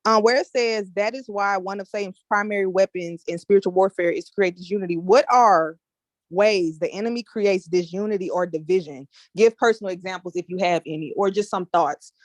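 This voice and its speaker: A woman's voice: medium pitch, brisk, no room sound. Chatty woman telling a story, dry sound. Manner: chatty, addresses listeners as y'all. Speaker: discussion leader. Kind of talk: casual storytelling in a group meeting.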